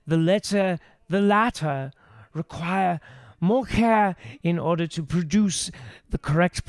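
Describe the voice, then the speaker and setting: A man's voice: high voice, no room sound. A man voicing a stuffy old-fashioned male voice teacher, reading aloud in a throaty, strained, formal way.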